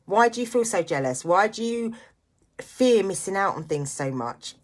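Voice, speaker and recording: A woman's voice: mid-range voice, expressive, normal speed. A middle-aged woman talking candidly to camera in a personal vlog, earnest and reflective, with motivational encouragement. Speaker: vlogger and single parent.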